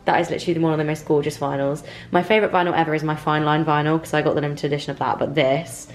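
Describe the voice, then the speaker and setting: A woman's voice: sits low, racing. Gushing young English woman vlogging. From England. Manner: gushing, excitable, says "literally" and "like" a lot. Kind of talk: casual vlog chat. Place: small bedroom indoors with fairy lights.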